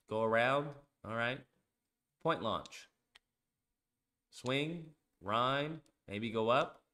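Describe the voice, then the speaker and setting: Emphatic, bright-voiced man ranting. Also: a little high. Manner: emphatic, repetitive, swears often. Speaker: streamer and show host. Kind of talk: casual live-stream rant.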